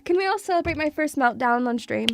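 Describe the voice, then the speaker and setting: A woman's voice: high-pitched, expressive, fast talker, vocal fry. A woman streaming casually to her viewers, chatty and self-mocking, swearing freely and laughing often as she talks through a quiz. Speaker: VTuber streamer. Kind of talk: casual live-stream chat.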